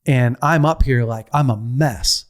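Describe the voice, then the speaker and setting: On a men's ministry show, a middle-aged man with a medium-pitched voice gives a heartfelt teaching talk. He tells a personal story with repetition and restarts, his pace swinging from slow to rushed.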